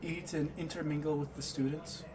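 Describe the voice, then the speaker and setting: A man voicing a nervous drow woman who stammers and speaks softly. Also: on the high side, flat delivery, fairly quick, noisy background, natural voice. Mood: shy. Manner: hesitant, stammering, soft.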